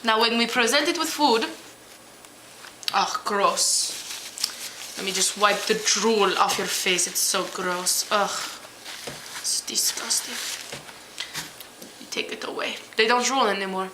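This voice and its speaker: A woman's voice: medium pitch, a little slow, roomy sound, noisy background, lightly acted. A young woman playing an eccentric female psychology professor, lecturing with theatrical, overly formal delivery in a homemade comedy sketch. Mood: fussy. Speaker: mock lecturer.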